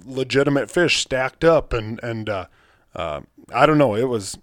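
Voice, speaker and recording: Male podcast host, mid-pitched, rambling and excitable, dry close mic. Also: measured pace, no echo. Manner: rambling, excitable storyteller with mild swearing. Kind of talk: casual chat.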